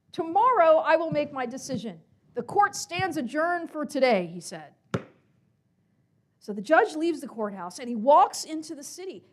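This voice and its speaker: A woman telling a story to a congregation at a service, acting out the characters and asking the listeners questions. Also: high-pitched. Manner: animated, acts out characters, asks listeners questions.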